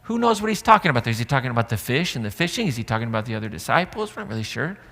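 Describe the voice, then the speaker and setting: A male pastor preaching a sermon in an animated, conversational way, with jokes along the way. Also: mid-range voice, very fast, gravelly. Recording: reverberant church sanctuary.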